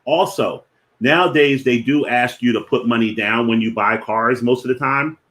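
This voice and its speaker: A man with a strong Philadelphia accent talks through money basics in a mid-range voice. He lays out his points deliberately and slows down to repeat key definitions for emphasis. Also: mid-range voice, a bit bright. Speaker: finance show host. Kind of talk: explanatory finance talk.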